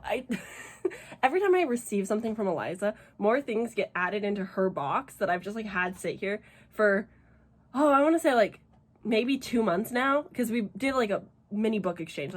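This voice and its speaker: A woman's voice: medium pitch, lively intonation, normal speed. A woman chatting casually to camera at home as a reading vlogger, gushing and exclamatory, swearing freely. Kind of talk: casual vlog chat to camera.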